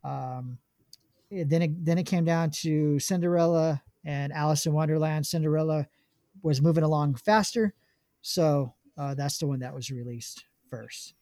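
A man's voice: on the high side, normal speed, mellow, dry recording. A man hosting a casual podcast chat, reading film notes aloud with many ums and restarts. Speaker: podcast host.

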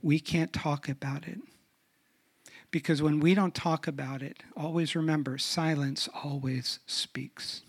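A middle-aged man preaching a sermon on a church stage, asking rhetorical questions and dropping to a hush for emphasis. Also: on the high side, steady tone, normal speed, creaky, husky. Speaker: guest speaker on sexuality. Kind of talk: sermon with humorous stories.

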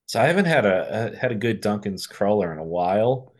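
A man's voice: on the low side, big pitch swings, fairly quick. A man with a Boston accent, a podcast guest giving candid, rambling answers in casual chat.

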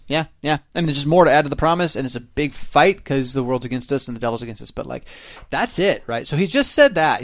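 Gravelly-voiced man hosting a casual podcast. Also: medium pitch, dry recording, studio quality. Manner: conversational, tag questions, frequent fillers. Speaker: podcast host teaching scripture. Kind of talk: casual Bible study chat.

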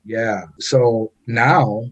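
A man's voice: mid-range voice, fairly even intonation, drawn-out words. A man co-hosting a casual history discussion, reading old quotes aloud in a storytelling way. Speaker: podcast co-host.

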